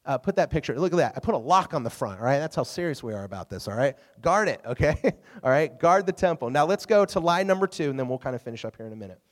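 A man preaching to a youth group, his voice set a touch high for a man. He talks in a casual, animated way and keeps checking in with the listeners. His words ring out with the long reverb of a hall. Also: fast. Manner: animated, asks the audience questions. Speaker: youth pastor. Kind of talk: youth sermon.

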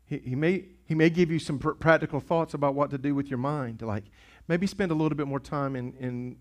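A man's voice: fairly high pitch, fairly quick. A man preaching a sermon as pastor, impassioned and urgent, often repeating himself for emphasis. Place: church sanctuary.

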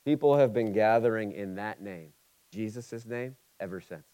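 A man of about forty from Ohio preaching a sermon. He moves between loud, urgent emphasis and quiet, intimate asides, with a conversational, humorous touch. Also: lowish voice, normal speed, low-quality recording. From Ohio, USA. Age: 40s. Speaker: pastor.

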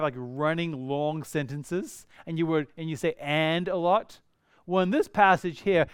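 A man preaching a sermon as a pastor, animated and conversational, with personal asides. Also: high-pitched, clear, resonant tone, dry recording, studio quality.

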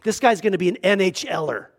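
A man's voice: high-pitched, lively intonation, fast, creaky. A middle-aged man preaching a sermon as a pastor. He is conversational and earnest, with humorous asides and frequent restarts.

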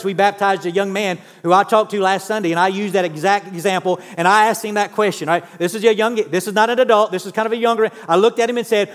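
High-voiced pastor in a reverberant hall. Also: male voice, steady tone, fast talker. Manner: conversational preaching with rhetorical questions to the congregation. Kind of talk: sermon. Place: church sanctuary.

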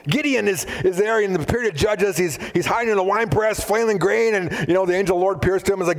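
Male pastor, animated sermon delivery, mid-high voice, slips into voices for scripture scenes. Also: fast talker, hardly any pauses. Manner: animated, acts out biblical dialogue in voices.

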